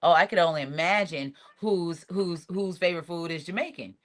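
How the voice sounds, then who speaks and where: A woman telling a lively story, acting out what other people said. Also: on the low side, moderate pace. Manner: animated, acts out quotes of others. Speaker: reality show cast member, guest. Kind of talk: casual storytelling in an interview.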